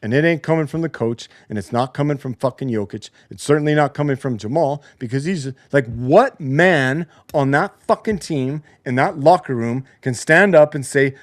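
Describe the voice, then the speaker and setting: A man's voice: on the high side, animated, normal speed, no echo, clean studio sound. A man hosting a post-game basketball show, ranting in a heated, profane way. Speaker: podcast host. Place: home basement studio.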